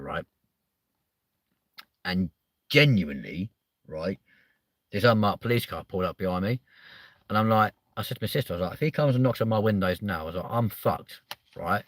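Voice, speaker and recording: A man hosting a casual, comedic chat show, swearing freely and bouncing excitedly from one story to the next. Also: deep voice, no echo. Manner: sweary, excitable, jumps between stories. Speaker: show host.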